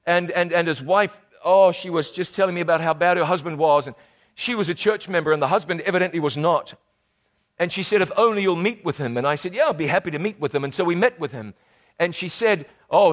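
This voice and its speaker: A man with a notably high-pitched voice delivers a sermon as a pastor. He shifts between low, intimate storytelling and loud, fervent emphasis. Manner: animated preaching, voice rising to loud emphatic declarations.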